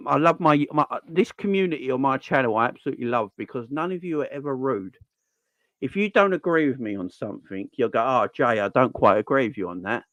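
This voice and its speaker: A man's voice: mid-range voice, dry recording. A man hosting a football channel's live stream Q&A, chatting casually and earnestly, repeating phrases for emphasis as he makes his points.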